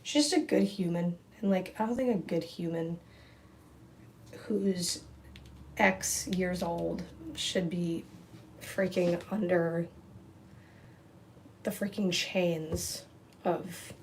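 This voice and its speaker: Young woman, casual livestream vent, blunt and swearing, gravelly voice, faint room hiss. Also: on the low side, steady tone, slow, pauses often. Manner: frank, swears freely, many fillers. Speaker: livestream host. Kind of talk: casual ranting while doing makeup. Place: home room.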